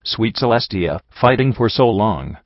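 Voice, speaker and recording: A man narrating a first-person story in an earnest, steady reading, in a dull, slightly muffled recording. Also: on the low side, measured pace, no room sound. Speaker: audiobook narrator. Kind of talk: first-person fan fiction audiobook reading.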